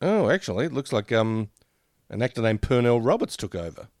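A man's voice: mid-range voice, fairly quick, dry recording, clean studio sound. A man co-hosting a casual podcast, laughing often and poking fun at himself. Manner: laughs often, lively, self-deprecating. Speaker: podcast co-host.

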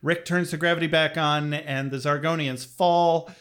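A man's voice: fairly high pitch, fairly even intonation, moderate pace, a bit bright. A man co-hosting a podcast, casually reviewing a cartoon episode, rambling and swearing as he thinks aloud. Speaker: podcast co-host.

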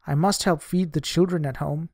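A frank, hard-pressed young cigarette girl from a memoir audiobook, as a male reader voices her. She answers plainly and directly, her voice pitched slightly higher than his narration. The sound is close and dry. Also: steady tone, moderate pace, darkish tone, dry recording.

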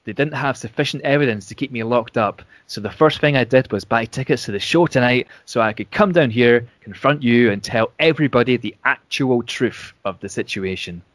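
A man's voice: mid-range voice, brisk, few pauses, no room sound, lightly acted. A man reading out a defiant wrestler's confrontational speech in his own everyday voice. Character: defiant male wrestler, cocky.

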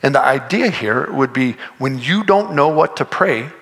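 A man preaching a sermon as pastor, in a conversational, animated way, acting out imagined voices. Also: medium pitch, moderate pace.

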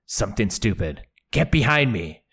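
A man's voice: fairly low pitch, big pitch swings, moderate pace, a bit bright, breathy edge, full character voice. A man reading out the lines of a reckless young nobleman knight, whose speech is clipped and urgent.

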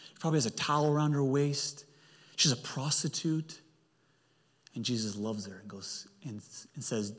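A male pastor preaching a sermon with emphatic delivery and big swings in pitch. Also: normal speed. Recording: long hall reverb.

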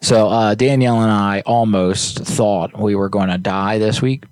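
A man with a lowish voice, co-hosting a casual live show and spinning a story with crude jokes and plenty of "uh"s. The sound is dry and close, with no room around it. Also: fairly even intonation, a little slow, a little mellow, dry recording. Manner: crude, joking storyteller with frequent fillers. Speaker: podcast co-host. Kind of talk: casual live-stream chat.

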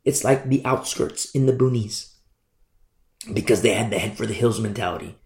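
Animated preacher man in an echoey room. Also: lowish voice, normal speed. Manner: animated, acts out quoted voices, stumbles on words. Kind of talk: Bible teaching sermon.

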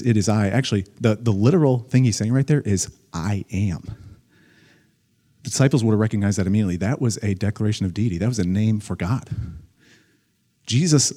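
A young adult man, a pastor, giving a conversational, animated sermon to a congregation. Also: fairly low pitch.

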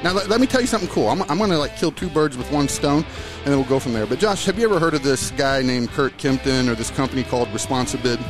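A man hosting his own podcast in casual, energetic chat, joking and rambling as he talks to a guest. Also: medium pitch, quick pace, music in the background. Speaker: podcast host.

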